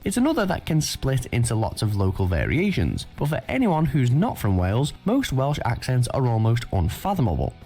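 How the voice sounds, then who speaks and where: A man reads a scripted top-ten countdown and punches each entry. His pitch swings widely through every line. Quiet music plays beneath him. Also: normal speed, hardly any pauses. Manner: lively, emphatic countdown delivery. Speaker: list video narrator. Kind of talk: scripted narration.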